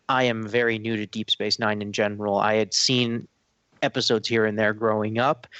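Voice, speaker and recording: A man's voice: fairly low pitch, fairly bright tone, dry recording, dull audio. A man with an Irish accent hosting a casual podcast chat, talkative and self-deprecating. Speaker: podcast host.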